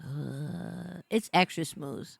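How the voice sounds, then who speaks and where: Excitable rambling American woman streamer. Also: deep voice, extremely slow, gravelly, slightly rough, dry recording. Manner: excitable, rambling, many fillers, swings between mumbling and squealing. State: jet-lagged and tired. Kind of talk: casual live-stream chat.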